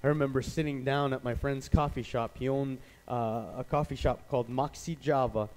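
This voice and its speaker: A man from Canada preaching a sermon as pastor, telling stories with animated energy and acting out the voices of people he quotes. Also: mid-range voice, moderate pace, poor audio.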